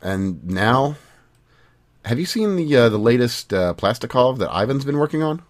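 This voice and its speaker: A man's voice: mid-range voice, very animated, normal speed. A man chatting on a podcast in a blunt, emphatic way, with plenty of swearing. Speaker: podcast co-host. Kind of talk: casual podcast chat.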